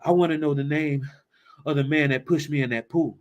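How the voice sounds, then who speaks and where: Presenter playing a plainspoken young suitor in a joke, fairly high voice. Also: male voice, fairly even intonation, a little fast, a little mellow, close to an everyday voice. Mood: blunt. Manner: plain, blunt replies. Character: young male bachelor, blunt and plainspoken.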